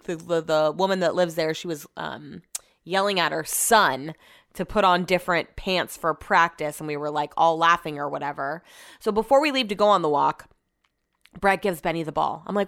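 A Californian woman talks straight to her camera in a casual vlog, her voice sitting a little low. She rambles through the story with restarts and plenty of swearing. She sounds shaken and upset. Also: fairly quick, fairly bright tone. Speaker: vlogger.

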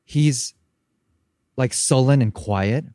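A man co-hosting a casual podcast, retelling scenes with animated, mocking delivery. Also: mid-range voice, slow pace, no room sound, studio quality. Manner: animated storyteller, mocking quoted lines. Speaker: podcast co-host. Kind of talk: casual recap chat.

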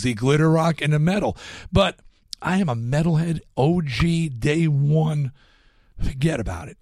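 Animated male storyteller, dry close sound. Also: a little high, no room sound. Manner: animated storyteller acting out quotes. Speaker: guest musician. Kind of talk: casual interview storytelling.

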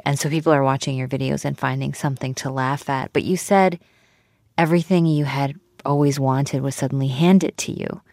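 A woman radio host interviewing a guest with measured questions. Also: very deep voice, a little mellow, no echo, clean studio sound.

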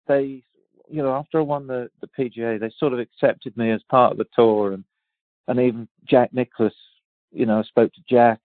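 Over a dry, tinny phone-line connection, a man in his fifties from England tells golfing stories as an interview guest. His voice is mid-range, and he laughs easily while rambling with lots of restarts.

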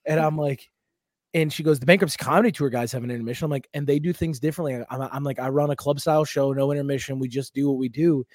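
A man's voice: mid-range voice, fast talker, no room sound, clean studio sound. A man, a comedian co-hosting a podcast, telling a story in casual chat, acting out the other people and swearing freely. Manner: animated, acts out quotes, swears freely.

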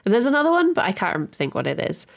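A woman co-hosting a casual podcast chat, playful and quick to laugh. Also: mid-range voice, creaky. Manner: giggly, laughs often, animated and playful. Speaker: podcast co-host.

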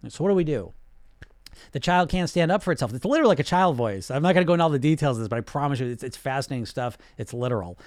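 Man, weight loss coach, teaching talk, conversational, tag questions, mid-pitched, dry close sound. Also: racing, darkish tone, no echo. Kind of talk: instructional talk.

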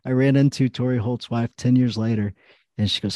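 A man's voice: on the low side, little pitch movement, fast talker, mellow, no echo, clean studio sound. A man in casual podcast conversation, telling stories and acting out his own prayers and dialogue.

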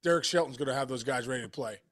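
A man's voice: mid-range voice, rapid-fire, fairly bright tone. A man co-hosting a sports talk show, giving encouraging, emphatic commentary. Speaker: sports radio co-host.

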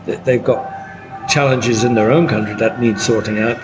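A man on a podcast speaking in a measured, hesitant way with many uhs. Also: mid-range voice, fairly even intonation, music in the background, rough recording. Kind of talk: casual podcast chat. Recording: clear background noise.

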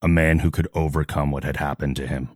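Brooding masked vigilante, deep and solemn, dry close sound, voiced by a man. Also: steady tone, dry recording. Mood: earnest. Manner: solemn, measured delivery. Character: grim brooding male vigilante hero.

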